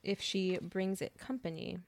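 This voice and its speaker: A woman's voice: on the low side, measured pace, vocal fry, no room sound. A young woman co-hosting a casual book podcast, laid-back as she recaps the plot. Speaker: podcast co-host.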